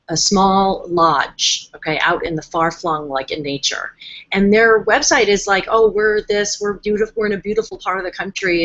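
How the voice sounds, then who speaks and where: A woman hosting a casual live stream and coaching her viewers in a chatty, emphatic way. She often slips into her clients' voices. Her voice sits at a middling pitch, and the stream audio is a little dull and lo-fi. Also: a bit bright. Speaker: host and coach.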